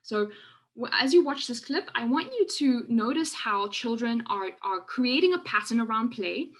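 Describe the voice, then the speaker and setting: Halting woman researcher giving an online talk. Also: on the high side, animated. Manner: halting, frequent fillers and restarts. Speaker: education researcher presenting a webinar. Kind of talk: lecture narrating classroom video clips. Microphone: video call with screen sharing.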